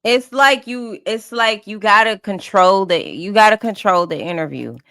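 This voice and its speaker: A woman's voice: medium pitch, expressive, moderate pace, pushed and bright, no echo, clean studio sound. A woman streamer giving blunt, profane, offhand commentary while reacting to an interview.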